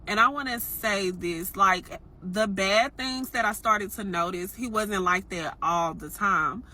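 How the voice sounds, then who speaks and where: A woman's voice: medium pitch, unhurried, pushed and bright. A young woman telling a personal dating story to her viewers in a casual, frank, chatty way. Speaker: storytime vlogger.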